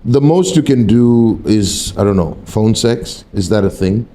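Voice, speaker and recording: A middle-aged man joking in podcast banter. His voice swings lively up and down over a warm, mellow tone, with a faint hiss of background noise. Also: lowish voice, measured pace. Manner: laughing, jokey, lively. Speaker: comedian guest.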